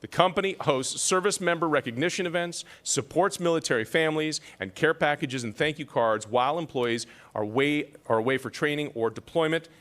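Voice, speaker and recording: A man's voice: a little high, fairly bright tone. A man emceeing an awards ceremony, reading citations with self-deprecating joking asides.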